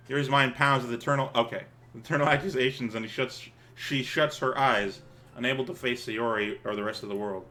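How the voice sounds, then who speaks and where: A man hosting a let's play who reads a visual novel aloud and breaks into excitable, laughing, swearing outbursts. His voice sits at a middle pitch with a bright, forceful edge. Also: a little fast. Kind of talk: reading a visual novel with live reactions.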